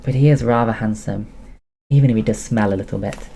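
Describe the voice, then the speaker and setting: A man's voice: lowish voice, a little fast, gravelly, dark tone, slightly rough. A man reading aloud, voicing a charming, playful young man on a first date. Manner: playful, laughing.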